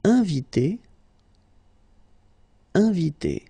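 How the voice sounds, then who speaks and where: A man's voice: high-pitched, big pitch swings, mellow, slightly rough, no echo. A man with a French accent teaching a language lesson, patient and explanatory. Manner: patient and explanatory, slow and deliberate.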